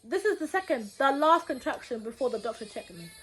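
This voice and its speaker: A young woman, telling a story in a casual, slangy and animated way, acting out what people said. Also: sits high, a little fast, soft background music. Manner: animated, acts out quotes with loud bursts and laughter; slangy, repetitive phrasing. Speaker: vlogger.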